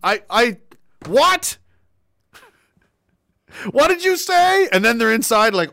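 A man telling a story in a casual rant, animated, swearing and laughing often. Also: very high-pitched, a little slow, gravelly, no echo, studio quality.

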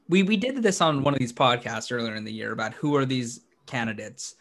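A man co-hosting a sports podcast, talking casually in a mid-range voice. He gets animated and laughs a lot, and his pitch leaps upward when something excites him. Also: fairly quick, hardly any pauses. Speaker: podcast co-host.

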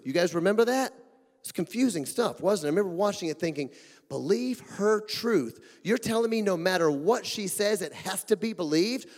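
Male pastor, high voice, emphatic sermon delivery, long hall reverb. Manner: emphatic, rhetorical questions, swings between loud and hushed.

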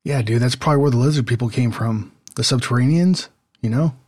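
A man's voice: mid-range voice, brisk, a little mellow, no room sound, clean studio sound. A man co-hosting a podcast, laid-back and chatty, tossing in casual slang. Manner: laid-back, says dude. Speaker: podcast co-host. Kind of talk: casual chat.

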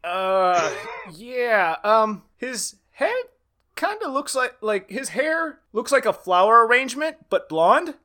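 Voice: mid-range voice, big pitch swings, slow, bright, forceful tone. A podcast co-host in casual chat, talking in a hesitant way with many fillers.

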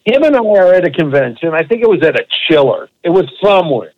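A man co-hosting a podcast, telling a long, animated, profane anecdote in a casual way. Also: high voice, quick pace, dull audio. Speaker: podcast co-host. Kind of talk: casual storytelling.

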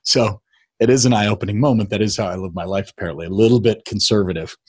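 A middle-aged man recounting a turning point in a relaxed interview. His voice is husky and a little breathy, and he slips into animated impressions of the people he quotes. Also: on the low side, fast talker. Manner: animated storyteller, acts out quotes. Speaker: guest. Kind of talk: casual storytelling chat.

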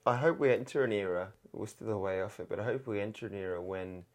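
Guy, lowish voice, dry wit, gets fired up making his point. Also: fast talker, over a noisy crowd. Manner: opinionated, wry, animated when arguing a point. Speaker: podcast guest. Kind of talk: casual chat.

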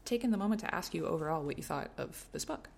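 A podcast co-host discussing a novel with enthusiasm, animated and eager, breaking into passages read aloud. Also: medium pitch, fast, creaky. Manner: enthusiastic, animated, reads passages aloud, often trails into soft murmured reading.

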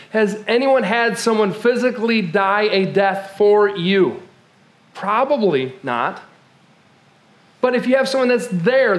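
A male pastor giving a conversational, personal sermon, often stammering and restarting his sentences. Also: high voice.

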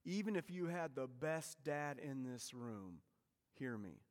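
A man preaching a sermon, telling the story with lively energy and dropping to a hushed voice at times. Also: medium pitch, unhurried. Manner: animated storytelling preacher, swings from loud to hushed. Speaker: pastor. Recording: reverberant hall.

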